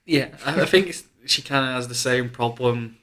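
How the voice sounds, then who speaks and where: A man who is a guest on a casual film chat podcast, speaking in a measured, matter-of-fact way. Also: medium pitch, a bit bright.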